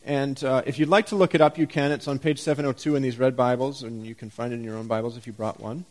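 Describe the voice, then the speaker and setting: A man's voice: medium pitch, steady tone, fast. A man pastor giving a sermon in a church, conversational and full of rhetorical questions and wry humor.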